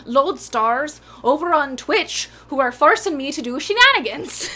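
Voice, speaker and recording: A woman's voice: high voice, animated, normal speed. A woman in her thirties hosting a live music stream, chatting casually between songs in a rambling, self-mocking way. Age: 30s. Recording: loud ukulele music behind the voice.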